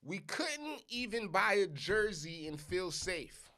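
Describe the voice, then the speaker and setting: A man's voice: high voice, sing-song, slow pace, bright, forceful tone. A middle-aged man from Brooklyn with a New York accent, hosting a podcast in a casual, emphatic monologue and swearing for emphasis. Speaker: podcast host.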